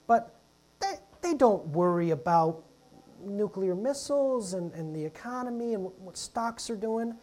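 A man's voice: high voice, lively intonation, measured pace, a little mellow. A man in his thirties preaching a sermon in a conversational, jokey way. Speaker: pastor.

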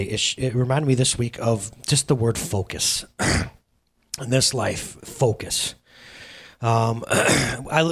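A middle-aged man preaching a casual sermon to a live congregation, conversational and self-deprecating, asking the room questions. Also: mid-range voice. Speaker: pastor.

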